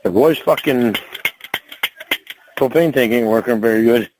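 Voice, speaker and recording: There's background noise behind this unhurried, mid-range male voice. He drives trucks and is locked in a heated domestic argument, cursing constantly, rambling, and stumbling over restarted words.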